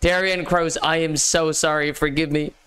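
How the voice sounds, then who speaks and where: A man's voice: on the high side, level tone, normal speed, a bit bright, clean tone. A man hosting a live gaming stream, chatting casually in slang and greeting viewers by name. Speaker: livestream host. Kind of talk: casual gaming livestream chat.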